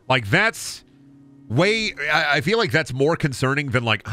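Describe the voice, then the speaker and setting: A man's voice: fairly high pitch, sing-song, measured pace, sharp tone, faint music behind. A man in his thirties streaming a game, rambling and joking with lots of swearing. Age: 30s. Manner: rambling, profane, jokey. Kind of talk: casual gaming commentary.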